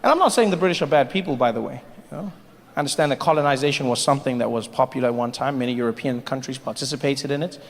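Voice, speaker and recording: A man from Africa doing stand-up comedy, animated and mocking as he builds to each punchline. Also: mid-range voice, racing. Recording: live hall with audience.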